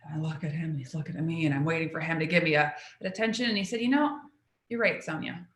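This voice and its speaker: A young adult woman giving an animated storytelling talk, acting out the people in her stories. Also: low-pitched, very fast. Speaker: speaker at a talk, intuitive. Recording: echoey room.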